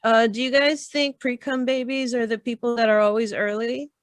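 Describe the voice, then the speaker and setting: A woman doing stand-up comedy, hesitant and offhand, with deadpan punchlines. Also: fairly high pitch, normal speed, a crowd in the background.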